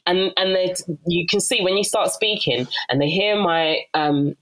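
A woman's voice: lowish voice, measured pace. A young woman with a South London accent, telling stories in a casual interview and acting out other people's voices. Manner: animated storyteller who acts out voices, laughs often. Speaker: guest.

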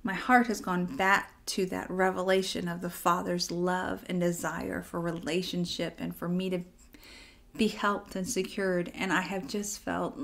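Woman, devotional talk, conversational, acts out inner dialogue, soft near-whisper at tender moments. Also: on the low side, vocal fry. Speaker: devotional speaker.

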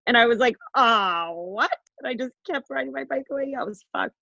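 A woman chats bluntly and casually, swearing freely as she talks. Her voice sits mid-pitch and sounds dry, with a slightly dull, muffled tone. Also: steady tone, rapid-fire, creaky, fairly bright tone, no room sound. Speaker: podcast co-host. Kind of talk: casual chat.

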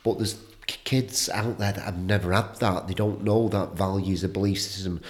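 A man's voice: low-pitched, steady tone, normal speed. A man hosting a podcast, chatting casually and encouraging his guest. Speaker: podcast host. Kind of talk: casual interview chat.

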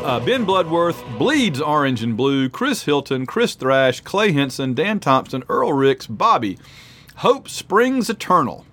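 Lively chatty man hosting a podcast. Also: mid-range voice, faint music behind. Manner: chatty, reads patron names aloud quickly. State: mouth full, eating hot peppers. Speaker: podcast host. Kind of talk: casual podcast chat.

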